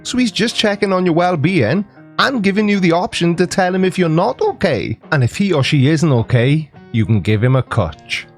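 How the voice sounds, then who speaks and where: Welsh host in his 40s, fairly high-pitched, deadpan joking, faint music behind. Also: moderate pace. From Wales. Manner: dry, mock-serious, playful. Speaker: comedy video host. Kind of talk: scripted comic explainer to camera.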